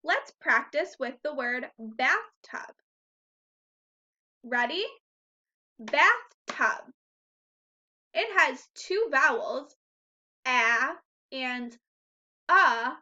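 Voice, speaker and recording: Slow, bright-voiced woman teaching first graders. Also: sits high, expressive, muffled recording. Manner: slow, patient, encouraging teacher talk to young children. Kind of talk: recorded online phonics lesson.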